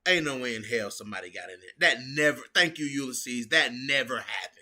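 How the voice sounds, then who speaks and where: A man hosting a casual reaction stream, animated and foul-mouthed, peppering every line with "bro.". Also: medium pitch, a little fast. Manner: animated, swearing, keeps saying bro.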